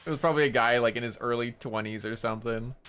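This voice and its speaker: A man streaming a game, telling a story in lively casual chat with laughter and swearing. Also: mid-range voice, fast, clear, resonant tone. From Canada.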